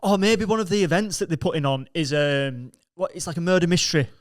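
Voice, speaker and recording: A man's voice: on the high side, quick pace, no room sound, studio quality. A man co-hosting a casual improv podcast, easygoing and steering the story. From England. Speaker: podcast co-host.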